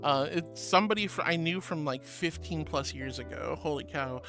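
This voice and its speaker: A woman's voice: low-pitched, moderate pace, a bit bright. A woman streamer chatting casually on a livestream, bubbly and giggly, reading chat messages aloud. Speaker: VTuber streamer. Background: background music.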